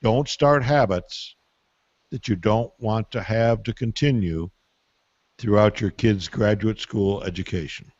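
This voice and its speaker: An older man answers parenting questions in a folksy, storytelling way and leans on emphatic asides. His voice sits low and sounds close and dry. The call audio is muffled. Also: measured pace, darkish tone, dry recording. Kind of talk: call-in Q&A advice.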